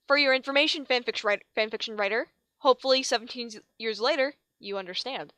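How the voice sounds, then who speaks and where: A woman's voice: a little high, fairly quick, fairly bright tone, smooth, no echo, clean studio sound. A woman giving a comic reading of fan fiction, with sarcastic, mock-exasperated asides and tripped words. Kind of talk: comedic dramatic reading with asides.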